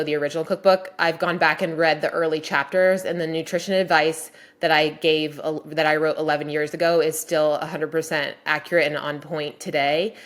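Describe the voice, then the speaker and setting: A woman with a notably low-pitched voice speaks as a podcast guest about her cookbooks. She is enthusiastic and chatty, filling her talk with "like" and "um." She sounds like someone in her forties. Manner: enthusiastic, frequent "like" and "um" fillers. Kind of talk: casual podcast interview.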